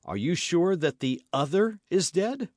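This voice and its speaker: Casual: guy doing a panicky young swordsman, pitched up, pretty loud, urgent. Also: a little slow, dry recording, studio quality. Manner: excited, raised and loud. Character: frantic young male swordsman, breathless and urgent. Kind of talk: audiobook character voice.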